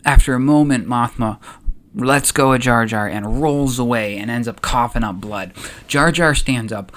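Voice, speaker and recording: A man's voice: medium pitch, normal speed. A man hosting a channel, narrating a story in a casual, chatty way. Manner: chatty, relaxed, uses fillers. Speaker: YouTube host.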